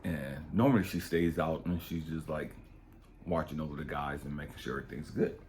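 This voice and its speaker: A man, a spiritual coach, telling a story in a blunt, profane, animated way. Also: a bass voice, a little fast, slight background noise. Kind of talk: casual storytelling monologue.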